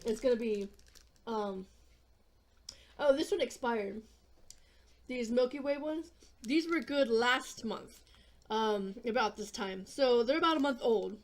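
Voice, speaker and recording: Rambling woman vlogger with a high voice. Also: unhurried, long pauses. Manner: rambling and offhand, with fillers and casual swearing. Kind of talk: casual eating vlog chat.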